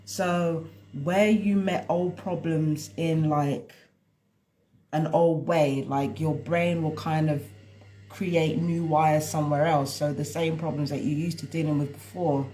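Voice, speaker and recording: A woman's voice: low voice, fairly even intonation, slow, dark tone. A woman talking casually on a live stream from home, rambling and exasperated as she vents. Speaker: tarot reader and vlogger. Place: at home indoors.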